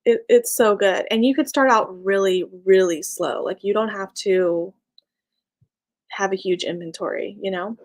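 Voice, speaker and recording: A woman's voice: medium pitch, a little slow. Bubbly chatty young woman. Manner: chatty, bubbly, laughs often. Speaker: small business owner and live streamer. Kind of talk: casual live stream chat, reading comments.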